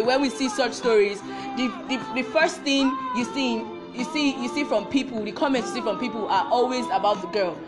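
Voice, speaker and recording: Woman telling a story. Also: on the high side. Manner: animated, repeats rhetorical questions. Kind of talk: role-reversal storytelling monologue.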